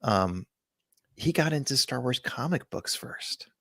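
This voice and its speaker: A man's voice: mid-range voice, animated, a little slow, a bit bright, no room sound, studio quality. A man co-hosting a podcast in casual chat, telling stories in a rambling, jokey way. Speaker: podcast co-host.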